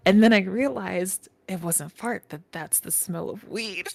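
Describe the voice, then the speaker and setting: A woman telling a long personal story in casual chat, animated, laughing often and swearing freely. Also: mid-range voice, a little slow, creaky, no echo.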